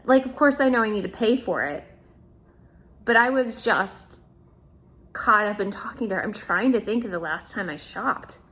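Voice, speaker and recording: A woman's voice: mid-range voice, lively intonation, normal speed, a bit bright. A woman talking casually in a video diary, chatty and rambling, often restarting her sentences and talking to her dog. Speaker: vlogger.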